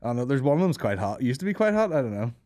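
A man hosts a comedy podcast, chatting in a crude, rambling way full of swearing and jokes. His pitch is mid-range but swings about animatedly. The sound is close and dry, with no room around it. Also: sing-song, racing, mellow, no echo. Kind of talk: crude casual banter.

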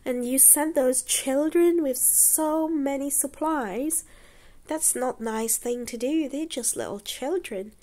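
A woman voicing a startled housewife who scolds in high, exclaiming tones. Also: animated, normal speed, hardly any pauses, warm tone. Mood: scolding.

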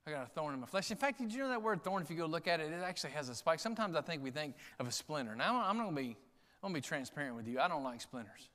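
High, bright-voiced preacher in a reverberant sanctuary. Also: male voice, expressive, very fast, hardly any pauses. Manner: impassioned preaching, swinging from quiet asides to shouted climaxes. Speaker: pastor. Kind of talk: sermon. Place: large church sanctuary. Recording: long hall reverb in a church sanctuary.

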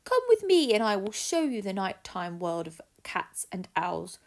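Storybook black cat, calm and gentle, coaxing and dreamy, slow and sing-song, voiced by a woman. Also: mid-range voice.

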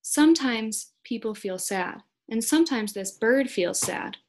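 A young woman in her twenties leads a read-aloud lesson for small children. She talks slowly and gently in a slightly high voice. She keeps coaxing the kids to join in. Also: animated, a little hiss or hum. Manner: slow, gentle, encouraging, speaks to young children. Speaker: speech-language pathology student teacher.

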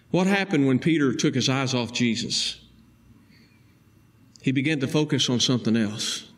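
A male preacher, delivering a sermon with emphatic rising stresses and slow, deliberate key phrases. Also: fairly high pitch.

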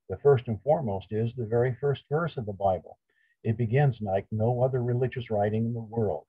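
A man's voice: medium pitch, slightly rough, no echo. A middle-aged man lecturing a church audience, emphatic, asking questions and answering them himself. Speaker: creation science speaker. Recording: tinny phone-like audio.

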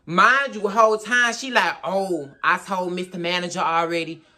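On his storytime vlog, a high-pitched man talks at normal speed, telling a story in loose, repetitive slang. He brings the tale to life by animatedly acting out what everyone said.

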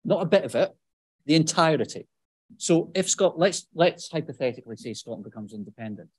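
A man speaking off the cuff on a policy panel, talking conversationally with many asides and quick self-corrections. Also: fairly high pitch, expressive, slightly rough, no echo. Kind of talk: unscripted panel discussion answer.

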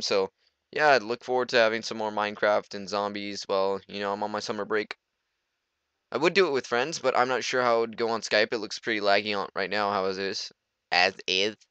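A man's voice: lowish voice, sharp tone, smooth, no room sound. A teenage boy giving rambling, goofy let's play commentary, talking to himself as he plays. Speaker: gamer.

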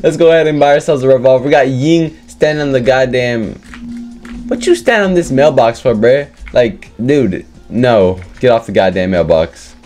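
A young man giving loud, excitable live commentary on a game he is playing, joking crudely and often shouting. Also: medium pitch, normal speed, faint music behind. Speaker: gaming video creator.

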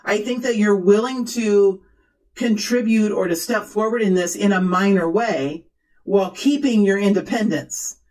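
A tarot card reader talking straight to viewers in a calm, measured way, thinking aloud with many restarts and repeated phrases. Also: medium pitch, low-quality recording. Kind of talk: tarot reading monologue to viewers.

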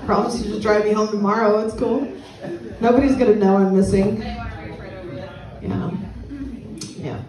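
A young woman performing a stand-up comedy set with crowd work, blunt and crude in a deadpan way. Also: medium pitch, moderate pace, pauses often. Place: small comedy venue with a live audience. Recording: echoey room, mic at a distance, audience laughter. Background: crowd laughing.

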